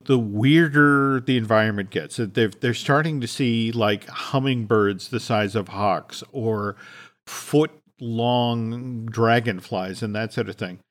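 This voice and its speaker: A man reading a film script aloud to his podcast co-hosts, telling it with animated restarts. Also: mid-range voice.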